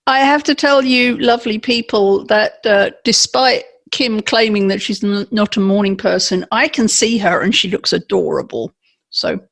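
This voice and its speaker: A woman's voice: mid-range voice, moderate pace, gravelly. Chatty, giggly woman co-host. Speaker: podcast co-host. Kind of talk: casual chat.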